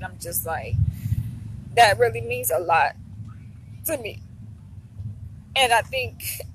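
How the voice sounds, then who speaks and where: A woman's voice: medium pitch, fairly bright tone, slight background noise. Young adult woman, crying through a heartfelt, rambling vlog; mid-range voice. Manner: tearful, heartfelt, rambling with many fillers. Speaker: vlogger and doctoral psychology student. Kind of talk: emotional casual vlog talk.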